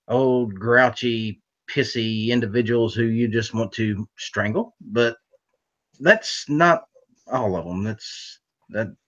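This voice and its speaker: A man's voice: on the low side, a bit bright. A man hosting a casual chat, blunt and opinionated with grouchy humor. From American South. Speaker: host. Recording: dull lo-fi audio.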